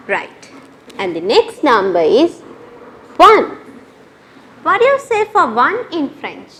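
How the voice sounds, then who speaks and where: A woman teaching a lesson to pupils, speaking slowly and repeating each word for them to copy. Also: high-pitched, wildly swooping pitch, fairly bright tone. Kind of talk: classroom lesson.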